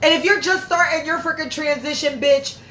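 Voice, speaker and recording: A woman's voice: sits high, fairly quick, fairly bright tone. Blunt, profane woman in an echoey room. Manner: blunt and profane, heated and emphatic. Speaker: livestream host reading viewer comments. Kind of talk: casual livestream talk. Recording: echoey room with faint background noise.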